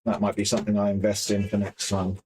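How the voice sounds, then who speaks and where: A woman's voice: very deep voice, monotone, fast talker, mellow, slight background noise. A woman making a costume helmet, muttering to herself as she works, wry and self-deprecating. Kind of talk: casual crafting vlog.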